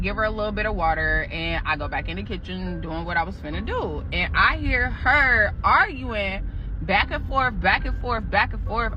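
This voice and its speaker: This is a young woman in a lively storytime, swearing freely and calling her audience y'all. The audio sounds muffled, and clear music plays underneath her voice. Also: medium pitch. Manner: animated, cursing, addresses listeners as y'all. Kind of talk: casual spoken storytelling.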